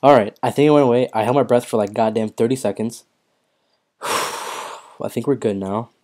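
Young male streamer, excitable casual commentary, frequent swearing, hiccups and throat-clearing. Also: mid-range voice, normal speed. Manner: excitable, swears often, reads chat aloud. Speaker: mobile game streamer.

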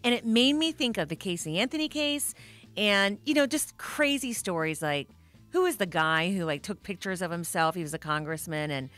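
A woman's voice: fairly low pitch, expressive, moderate pace, a bit bright, soft background music. A woman chatting as a guest in a radio studio, bubbly, laughing often and acting out what others said. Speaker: guest, morning news anchor and singer. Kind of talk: casual radio interview chat.

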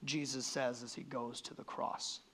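A man's voice: mid-range voice, little pitch movement, normal speed, fairly bright tone, slight background noise. A male pastor giving a sermon in a church, earnest and conversational, his voice rising and falling sharply. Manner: earnest, conversational preaching with sudden lifts and drops in voice.

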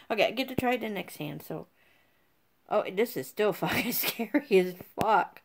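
A woman streamer giving excitable let's-play commentary, giggling, swearing freely and squealing when she wins. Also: medium pitch, measured pace, gravelly, pauses often. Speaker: gaming streamer.

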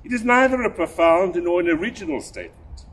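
An older man, a priest, delivering a measured, deliberate sermon with a husky voice. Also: high voice, expressive, fairly bright tone, a little hiss or hum. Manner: measured, deliberate preaching with emphatic rises.

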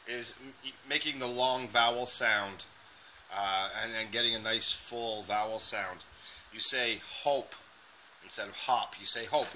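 A man's voice: mid-range voice, bright, forceful tone, slight background noise, rough recording. A man coaching a student on pronunciation, giving encouraging feedback and over-articulating sounds. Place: indoors, dim lighting.

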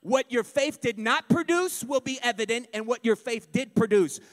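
A male pastor preaching a sermon, emphatic and building to shouts. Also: extremely high pitch, expressive, normal speed. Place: church sanctuary. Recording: long reverb of a church hall.

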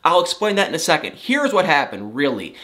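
A man's voice: fairly high pitch, fairly quick. A man giving casual, sarcastic commentary on a reality TV show as a gossip vlogger. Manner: animated, sarcastic, exclaiming.

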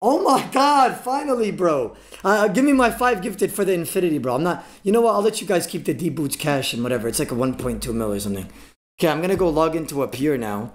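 A man streaming live gameplay, trash-talking and swearing a lot, with sudden bursts of yelling as he coaches viewers through fights. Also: fairly high pitch, animated, quick pace.

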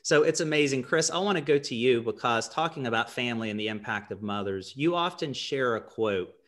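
A man with a West Virginian accent guides a panel discussion. He sounds earnest and encouraging, with an average pitch, as he links stories and poses questions. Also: animated, a little fast, fairly bright tone. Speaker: panel moderator.

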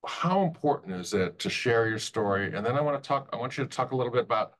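A man hosting an interview, asking the guest measured questions. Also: medium pitch, animated, a bit bright.

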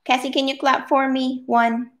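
A woman leading a preschool circle-time lesson, speaking patiently and encouragingly with drawn-out words for small children. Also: high voice, little pitch movement, fairly bright tone. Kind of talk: slow, sing-song preschool lesson.

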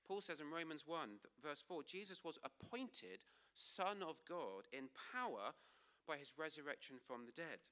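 A man preaching a sermon in church, emphatic, slowing for key phrases and dropping low and soft at line ends. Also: lively intonation.

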